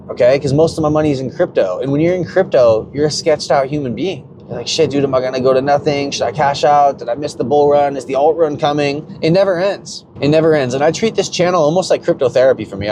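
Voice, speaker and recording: A young man ranting unscripted about crypto as a YouTuber, rambling, profane and confessional, with vehicle noise behind him. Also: mid-range voice. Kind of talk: unscripted rant.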